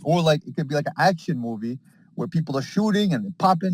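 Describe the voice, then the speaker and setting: A man chatting casually from a parked car, telling a rambling, excitable story packed with fillers and slang. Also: on the high side, a little fast, dry recording, poor audio. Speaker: space participant. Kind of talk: casual chat.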